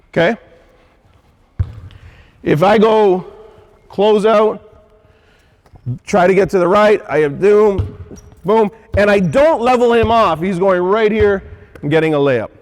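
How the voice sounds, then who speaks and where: A man's voice: high-pitched, long reverb tail. A man coaching basketball on a court and demonstrating moves, checking in with "okay?" and "right?", a little out of breath. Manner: instructive, punctuates points with "okay?" and "right?". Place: gym.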